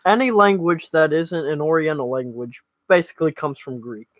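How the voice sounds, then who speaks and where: A joking man banters through a casual podcast and ribs his co-host. His voice is bright and a little high. It is recorded dry and close. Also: expressive, no room sound. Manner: teasing, quick jokes.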